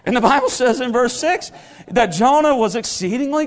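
A man's voice: extremely high pitch, animated, a little fast. A man preaching a sermon, stumbling over repeated words and rising into emphatic proclamations. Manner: stammering restarts, builds to emphatic proclamations.

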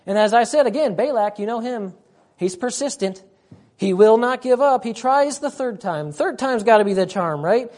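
A woman's voice: a little high, expressive, normal speed, a little mellow. Emphatic woman preaching a sermon. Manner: emphatic, repeats points, calls "listen".

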